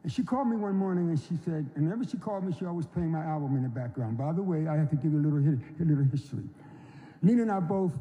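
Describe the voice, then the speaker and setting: A man in his seventies from North Carolina, giving an unhurried, folksy storytelling speech at an induction ceremony. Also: fairly high pitch, expressive, mellow. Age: 70s. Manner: unhurried, folksy, acts out quoted voices. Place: large hall. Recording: long reverb of a large hall.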